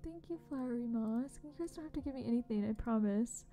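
A young woman with a high but soft, mellow voice chats casually with viewers while she plays a game. She sounds bubbly and friendly, often sinking into a hushed whisper. Faint music plays in the background. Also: quick pace. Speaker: game streamer. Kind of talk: casual livestream chat.

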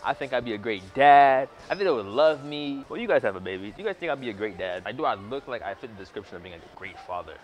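A man hosting a prank video, talking in loud, slangy, playful bursts and laughing often. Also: medium pitch, lively intonation, fast talker, few pauses. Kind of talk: hidden-camera prank banter.

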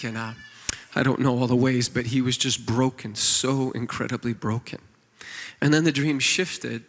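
A man's voice: medium pitch, fairly bright tone. A middle-aged man preaching at a church conference, telling a personal story in an earnest, tender, emotional way with many fillers and restarts. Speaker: worship leader preaching at a conference. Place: large church conference hall. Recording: long hall reverb.

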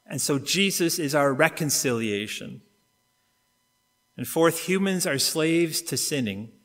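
A middle-aged Canadian man preaching a sermon, telling a story and acting out the quotes, getting suddenly quieter or louder and faster or slower. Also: fairly high pitch, expressive. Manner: storytelling with acted-out quotes, wide swings in loudness and pace. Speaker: pastor. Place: church sanctuary. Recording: long reverb of a church hall.

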